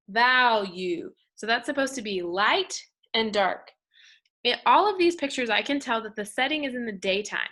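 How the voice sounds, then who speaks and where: Bright, upbeat woman art teacher. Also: a little high. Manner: upbeat, call-and-response chanting with gestures. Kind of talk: classroom lesson to children.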